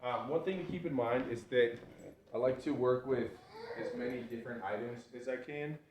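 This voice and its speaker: A man teaching dog obedience exercises in a relaxed, instructive way. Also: medium pitch, normal speed. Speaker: dog trainer. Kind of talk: outdoor training demonstration. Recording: roomy, distant mic with loud noise.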